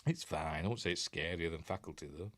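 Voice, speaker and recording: A low-voiced Yorkshire man running a film review livestream talks briskly, his tone fairly bright and free of room sound. He chuckles and rambles in a casual way while answering comments from his viewers.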